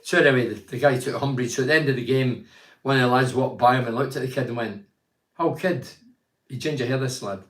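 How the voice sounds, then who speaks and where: A man's voice: mid-range voice, fairly even intonation, quick pace, fairly bright tone. Blunt, opinionated older man, echoey room. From Teesside. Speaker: host reading viewer comments. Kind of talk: casual chat.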